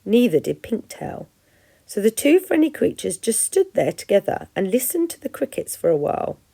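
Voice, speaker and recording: A teacher from England reading a children's story aloud with expression. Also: female voice, a little high, very animated, normal speed, creaky, warm tone, slightly rough.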